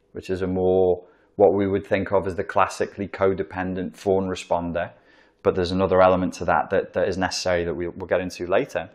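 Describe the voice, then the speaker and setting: A man giving a casual, rambling talk that explains a psychological topic, with emphatic asides and acted-out examples. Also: low-pitched. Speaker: commentator explaining narcissism.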